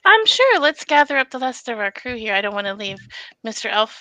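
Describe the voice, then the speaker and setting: A woman's voice: on the high side, big pitch swings, a little fast, bright, forceful tone, no room sound. A woman voicing a motherly woman who comforts a nervous companion with pet names like darling and sugar. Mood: wistful. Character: motherly, soothing grown woman at camp. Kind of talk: tabletop role-play, in character.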